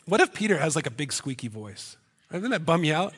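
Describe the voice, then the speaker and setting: A man's voice: a little high, big pitch swings, a little fast, fairly bright tone, husky, big-room sound. A man preaching a sermon in a conversational way, firing rhetorical questions at the congregation and slipping in joking asides. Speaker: pastor. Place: church hall before a congregation.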